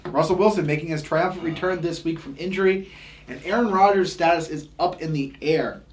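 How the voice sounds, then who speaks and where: A young man co-hosting a casual sports podcast, briskly reading out odds and stats. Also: on the high side, recorded from a distance. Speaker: podcast co-host running the segment. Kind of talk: casual sports betting chat.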